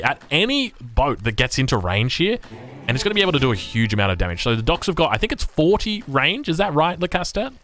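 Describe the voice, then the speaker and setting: A man's voice: fairly high pitch, pushed and bright. A man casting a strategy game match play by play, upbeat and joking, often asking his co-caster questions. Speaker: esports caster.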